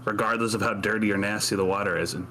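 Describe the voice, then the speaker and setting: A man playing in a tabletop game, telling what his character does in an animated way. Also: lowish voice, quick pace, a little hiss or hum. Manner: animated storytelling. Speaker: player. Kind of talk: narrating his character's actions.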